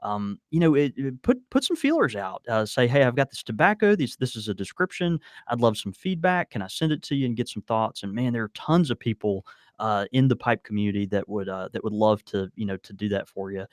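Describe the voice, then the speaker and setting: A man co-hosting a casual podcast, talking in a halting way with many fillers and restarts. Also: lowish voice, lively intonation, no room sound, clean studio sound. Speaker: podcast co-host. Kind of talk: casual chat.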